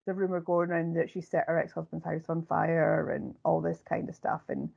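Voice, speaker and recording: A woman's voice: deep voice, flat delivery, fairly quick, gravelly. A woman co-hosting a podcast, chatting casually and rambling with many fillers. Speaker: podcast co-host. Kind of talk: casual chat. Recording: dull lo-fi recording.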